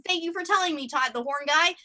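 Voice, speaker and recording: A woman's voice: high voice, fast, background noise. A woman doing improvised stand-up comedy in a rambling, self-deprecating way, full of fillers and tangents. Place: theatre stage.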